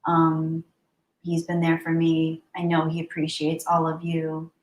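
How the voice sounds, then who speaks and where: A woman's voice: low-pitched, monotone, unhurried, far from the mic. A woman hosting a live stream, chatting casually and thanking her viewers. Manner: chatty, warm thanks to viewers, laughs often. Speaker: livestream host. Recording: roomy sound, voice a bit off-mic.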